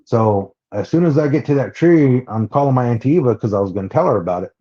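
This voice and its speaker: A man from Oklahoma, a podcast guest, telling a personal story in a halting way, restarting and repeating words. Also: mid-range voice, expressive. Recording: dull lo-fi sound.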